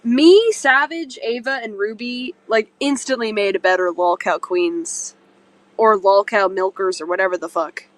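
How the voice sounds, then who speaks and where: A woman's voice: medium pitch, unhurried, dry recording. Giggly, gossipy young woman. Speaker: guest caller. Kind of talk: casual stream chat.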